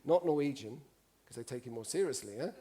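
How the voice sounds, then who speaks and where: A man from Italy, giving a humorous storytelling talk on stage, animated and joking as he acts out voices. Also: medium pitch, fast. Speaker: conference speaker. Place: stage before a live audience.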